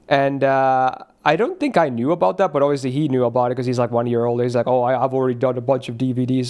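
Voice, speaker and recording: A young man streaming a game, chatting casually in a rambling, excitable way and swearing freely. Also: fairly high pitch.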